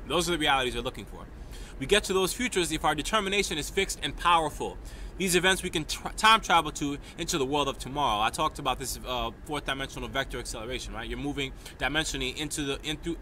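Casting: man from New York, bright tense voice, rambling emphatic monologue, faint traffic behind. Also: mid-range voice. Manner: stream-of-consciousness, emphatic, repeats "right?". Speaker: vlogger.

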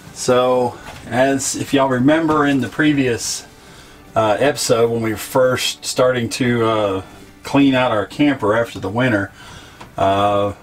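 Easygoing man, filler-heavy chat. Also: medium pitch. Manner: easygoing, hesitant with many fillers. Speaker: vlog co-host. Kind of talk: casual how-to chat.

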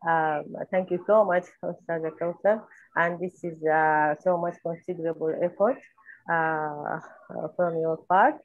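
Arabic-speaking woman on a call, lowish voice, muffled lo-fi sound, halting and drops arabic words in. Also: fairly even intonation. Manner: halting, slips into Arabic phrases. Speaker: discussion participant. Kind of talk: online group discussion.

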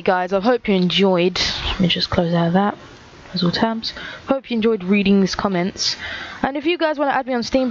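A teenage girl talks through viewer comments with a sarcastic, self-mocking edge. Her voice sits in an ordinary middle register. The recording sounds dull and lo-fi, with a faint hiss underneath. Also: mid-range voice. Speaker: YouTuber. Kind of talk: casual commentary reading comments.

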